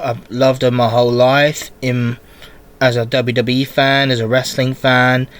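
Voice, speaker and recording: The host of a relaxed one-man wrestling podcast talks slowly and wanders, restarting lines again and again while dealing with a cold. His voice has a medium pitch and a fairly bright tone.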